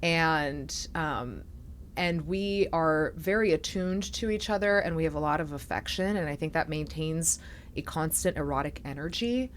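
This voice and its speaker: A reflective woman host speaks softly in a somewhat low voice, opening up in an intimate conversation. A faint hiss sits under her voice. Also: normal speed. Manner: reflective, soft-spoken, emotional at times. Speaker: podcast host.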